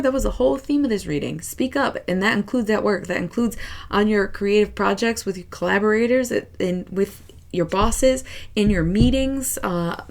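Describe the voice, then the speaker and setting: A woman's voice: mid-range voice, creaky. A woman giving a casual, candid tarot reading, chatty and swearing freely. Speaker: tarot reader.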